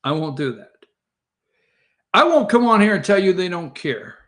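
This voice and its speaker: A man's voice: sits high, big pitch swings, normal speed, fairly bright tone. A man hosting a morning show, giving heated, rambling political commentary straight to his viewers.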